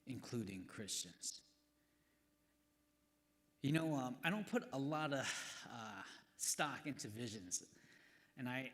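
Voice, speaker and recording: A male pastor preaching a sermon in a casual, chatty way, often checking in with "right?". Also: mid-range voice. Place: church worship hall. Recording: long reverb of a worship hall.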